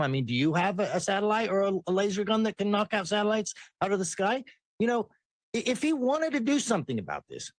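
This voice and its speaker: Acting as a commentary host, a man with a high voice launches into a heated, sarcastic political rant, mimicking people when he quotes them. The recording has no room sound.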